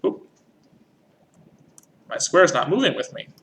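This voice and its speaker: A man's voice: a little high, very animated, slow, a bit bright, a little hiss or hum. A man teaching a music lesson, patiently explaining rhythm and counting in. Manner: patient, counts in and sings along.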